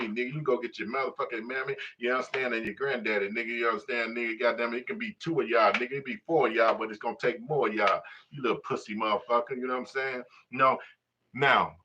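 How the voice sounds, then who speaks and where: A man rants on a livestream in a rambling, profane flow, circling back on himself with constant fillers. His voice is bright and sits a little back from the mic. The audio is dull and lo-fi. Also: mid-range voice, distant mic. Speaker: livestream host. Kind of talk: casual livestream rant.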